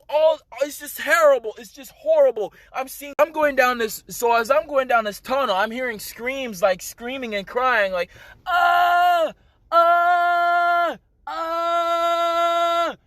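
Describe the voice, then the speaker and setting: A man's voice: very high voice, measured pace, few pauses, a bit bright, dry recording. Man telling his story real urgent, lots of "like" and "okay?", dry close sound. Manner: emphatic and urgent, many fillers and direct appeals to the viewer. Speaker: vlogger telling a personal testimony. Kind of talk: emotional first-person storytelling.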